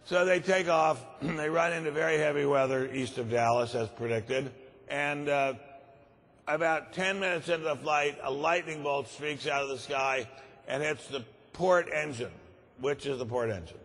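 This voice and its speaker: A man tells jokes to a conference audience in a dry, unhurried manner, peppered with uhs. His voice sits a touch high. The long reverb of a large hall trails every line. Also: fairly bright tone. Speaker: conference speaker. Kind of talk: stand-up joke telling.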